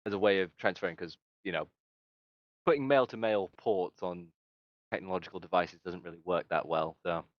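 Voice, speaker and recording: A man narrating as game master in a tabletop game, casual and quick to laugh and swear. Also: low-pitched, no echo, lo-fi sound.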